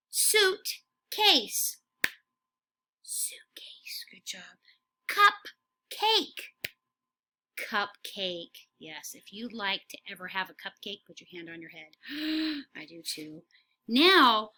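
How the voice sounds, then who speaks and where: A woman teacher runs a phonics lesson for young children, speaking slowly and encouragingly as she says words for the class to repeat. Her voice is fairly high, pushed and bright.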